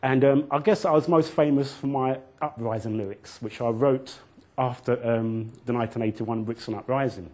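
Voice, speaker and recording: Husky-voiced man telling stories. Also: mid-range voice, moderate pace. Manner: animated storyteller who acts out quotes and chants rhymes. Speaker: children's author. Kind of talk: storytelling talk to children.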